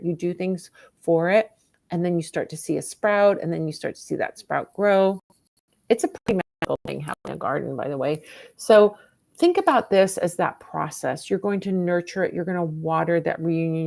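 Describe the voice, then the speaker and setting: A woman with a lowish, gravelly voice hosts a casual livestream tarot reading. She talks in a chatty, encouraging way as she gives advice. The sound is dry and close. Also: a little mellow, dry recording. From California. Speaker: tarot reader, host.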